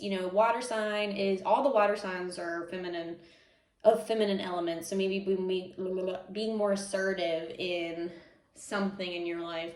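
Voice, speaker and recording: A woman's voice: fairly low pitch, distant mic. A young woman giving a casual tarot reading, rambling and full of "like" and "um.". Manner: rambling, heavy on "like" and "um". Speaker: tarot reader. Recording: echoey room, mic set back.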